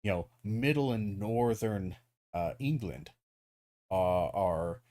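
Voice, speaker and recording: A man's voice: fairly low pitch, expressive, takes it slowly, a little mellow. A man giving casual, rambling video commentary, full of ums, restarts and the odd swear word.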